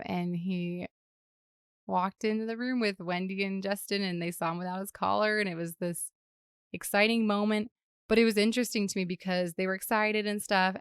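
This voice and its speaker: A woman's voice: medium pitch, smooth, no echo, clean studio sound. A woman hosting a podcast, telling a personal story in a reflective, emotional way, with many "like" fillers. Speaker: podcast host and parent.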